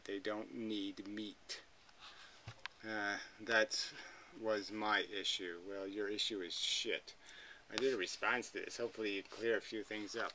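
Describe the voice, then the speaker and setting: A man's voice: on the low side, pushed and bright, slight background noise, low-quality recording. A man hosting a commentary video, ranting in a blunt, combative way and swearing freely. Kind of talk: profane combative rant.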